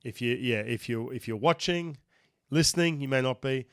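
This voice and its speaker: A man with an Australian accent hosting a casual podcast interview in a studio, chatty and quick to laugh. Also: mid-range voice, clean tone, dry recording. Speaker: podcast host.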